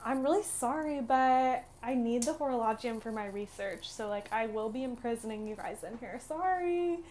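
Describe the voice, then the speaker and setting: A woman's voice: on the high side, normal speed, darkish tone, slight background noise, lightly acted. A woman voicing a smug, scheming male inventor who taunts in a breezy singsong. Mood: taunting singsong.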